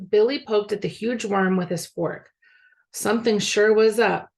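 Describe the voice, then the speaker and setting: A school media specialist reads a chapter book aloud to students. Her voice has a gravelly grain at a middle pitch. She narrates clearly in a storybook manner. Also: unhurried. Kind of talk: reading a novel aloud.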